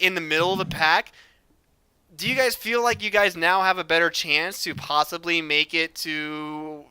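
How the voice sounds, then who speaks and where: Hosting an esports stream, a man chats casually and upbeat with players in interviews and reads viewer questions from chat aloud. His voice is on the high side, pushed and bright, with a clear, resonant tone, and the recording is dry.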